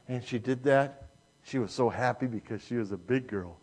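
A male pastor preaching a sermon, telling a folksy family story with lively sound effects before drawing a lesson. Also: medium pitch, moderate pace.

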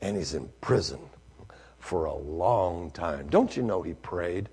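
A male preacher, telling a story in a sermon, swinging from hushed to loud. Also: sits low, lively intonation, takes it slowly, breathy edge.

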